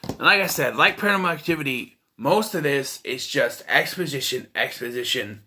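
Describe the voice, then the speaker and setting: Man reviewing a movie off the cuff, animated delivery, exasperated and profane. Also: mid-range voice, normal speed. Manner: rambling, exasperated, swears freely. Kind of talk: casual spoken film review.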